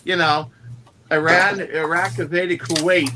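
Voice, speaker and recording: A man's voice: fairly high pitch, animated, moderate pace, a crowd in the background. A man on a casual panel chat, joking and teasing. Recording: noisy background.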